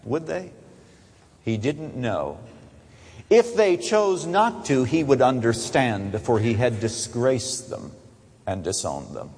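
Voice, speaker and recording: A man preaching a sermon, rising to emphatic high phrases and then dropping to soft, quiet asides. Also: very animated, takes it slowly, husky. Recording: long reverb of a large hall.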